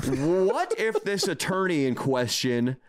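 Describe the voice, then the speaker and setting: A man's voice: a little high, huge pitch swings, slow. A man co-hosting a podcast, grilling a guest in a mock-serious, joking way. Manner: mock-serious, playful interrogating. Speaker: podcast co-host.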